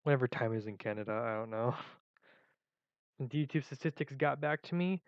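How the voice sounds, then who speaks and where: A man's voice: medium pitch, a little fast, no echo, lo-fi sound. A man in a casual vlog who rambles and jokes at his own expense. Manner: rambling, joking, self-mocking. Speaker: video creator.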